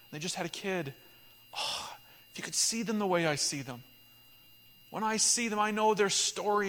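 A man preaching a sermon who voices God, fond and doting, in a soft, hushed manner. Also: high-pitched. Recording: echoey hall.

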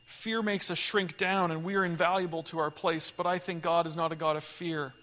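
A man preaching a sermon in a high, bright, ringing voice. He tells stories earnestly and punches key lines with loud emphasis. The sound carries a long church-hall reverb. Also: a little fast. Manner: earnest, animated storytelling with sudden loud emphatic peaks. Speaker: pastor.

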